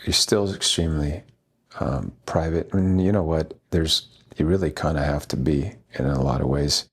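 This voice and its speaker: A man's voice: a bass voice, moderate pace, husky. A man being interviewed as a guest actor, telling earnest, rambling stories full of restarts. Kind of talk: anecdotal interview storytelling.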